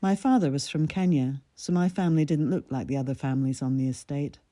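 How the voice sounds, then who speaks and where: A woman from Scotland reading her own personal essay aloud in a measured, reflective way. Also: low voice, steady tone, mellow, dry recording, studio quality.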